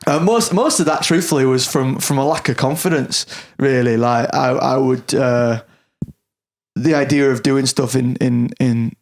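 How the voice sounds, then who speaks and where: A man's voice: mid-range voice, unhurried. A man in his thirties with a Yorkshire accent, a guest actor talking candidly on a podcast, self-deprecating and full of restarts and swearing. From Yorkshire, England. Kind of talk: casual podcast chat.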